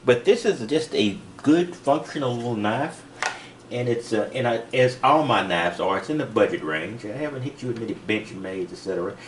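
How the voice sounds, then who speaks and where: A man casually showing a pocket knife in a vlog, talking in a rambling, halting way with many fillers. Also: medium pitch, expressive, a little hiss or hum. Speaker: knife reviewer. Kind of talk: casual product demo vlog. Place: van.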